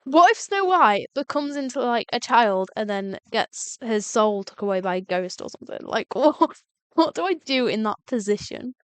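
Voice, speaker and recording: High, lively young woman streamer. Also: normal speed, clean tone, no echo. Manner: chatty, exasperated at the game, swears. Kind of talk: live gameplay commentary.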